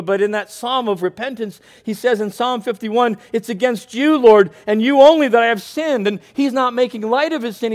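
A man with a notably high voice delivers a sermon as a pastor. He preaches earnestly, dropping into quiet, reflective stretches and then pressing points with emphasis.

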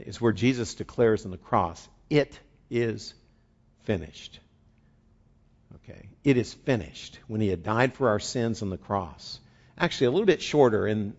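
Man, middle-aged pastor, conversational sermon, quiet then fervent, dull lo-fi recording. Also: mid-range voice.

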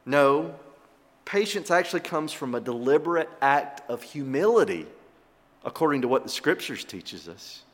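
A middle-aged male pastor preaching a sermon, animated, swinging between loud emphasis and quiet asides. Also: a little high, moderate pace, in a large hall.

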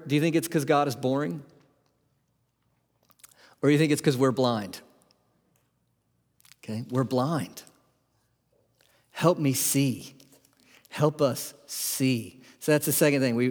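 A man's voice: fairly high pitch, big-room sound. A man preaching a sermon to his congregation, conversational and full of questions to the room. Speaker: pastor. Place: church sanctuary.

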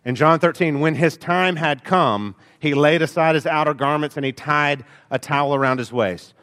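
A man's voice: on the high side, moderate pace, a bit bright, in a large hall. A man with an Alabama accent preaching a sermon in church, earnest and full of rhetorical questions, with folksy asides. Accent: Alabama Southern. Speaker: pastor. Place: church sanctuary.

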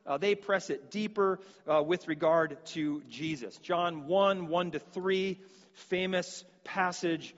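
Guy preaching in a church hall, high voice, earnest, repeats himself a lot, long echo, dull sound. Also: takes it slowly. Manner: earnest, repeats words and restarts. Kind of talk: sermon.

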